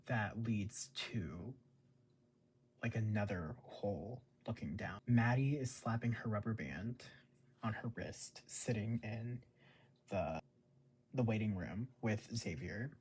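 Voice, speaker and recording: A man's voice: fairly low pitch, darkish tone, husky. A man casually recapping a TV episode, rambling with lots of fillers. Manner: rambling, filler-heavy, chuckles often. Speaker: show recap host.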